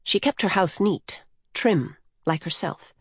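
A woman reading a novel aloud in measured, even storytelling. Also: on the low side, breathy edge, no room sound, studio quality. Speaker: audiobook narrator. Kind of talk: scripted narration.

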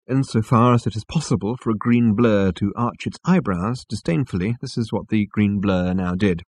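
A man narrating a storybook chapter in a slow, measured, dramatic reading. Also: on the low side, darkish tone, no room sound. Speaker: audiobook narrator. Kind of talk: scripted narration.

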